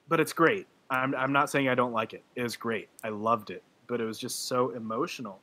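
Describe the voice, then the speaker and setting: A man's voice: mid-range voice, a little fast, few pauses, pushed and bright. A man co-hosting a movie podcast, talking in an emotional, laughing way in casual chat. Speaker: podcast co-host.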